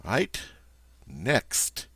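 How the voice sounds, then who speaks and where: Man, French teacher, slow careful pronunciation, animated intonation, friendly. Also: fairly low pitch, creaky, husky, no echo. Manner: slow, drawn-out model pronunciations with repeats; friendly, encouraging instruction. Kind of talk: vocabulary lesson.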